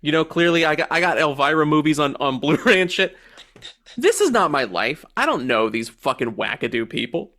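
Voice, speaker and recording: Animated high-voiced man riffing on movies. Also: brisk. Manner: animated, profane, jokey, acts out movie quotes. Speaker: podcast co-host. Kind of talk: casual movie review chat.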